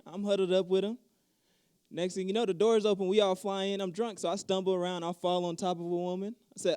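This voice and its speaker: A New Mexican man doing stand-up with a cocky, laid-back swagger. His voice is fairly high and smooth, with a dark, mellow tone. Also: steady tone, fast. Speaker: stand-up comedian. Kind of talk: stand-up comedy.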